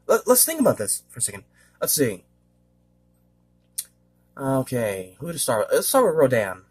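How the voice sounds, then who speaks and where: Husky-voiced man rambling casually. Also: medium pitch, wildly swooping pitch, normal speed. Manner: rambling and hesitant, many fillers; frequent throat-clearing. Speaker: vlogger. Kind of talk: casual monologue.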